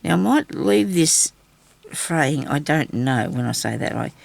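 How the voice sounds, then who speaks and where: Gravelly woman chatting while sewing. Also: low voice, expressive, measured pace, darkish tone, dry recording. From Australia. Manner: rambling, chatty, talks to herself while sewing. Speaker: craft vlogger. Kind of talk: casual crafting vlog chat. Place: indoor room at home. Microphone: camera mic, very close.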